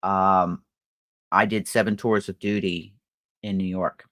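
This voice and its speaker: A woman's voice: rumbling low, fairly even intonation, a little slow, no room sound. An older woman hosting a crafting livestream, chatting casually and rambling with fillers and laughter. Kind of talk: casual chat.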